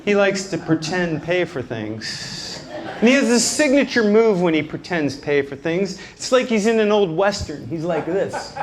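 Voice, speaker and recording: A male stand-up comedian telling wry stories about his family with deadpan asides on a nightclub stage. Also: sits high, moderate pace, a little hiss or hum. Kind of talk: stand-up routine. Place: nightclub stage before a live audience. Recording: live club with audience laughter.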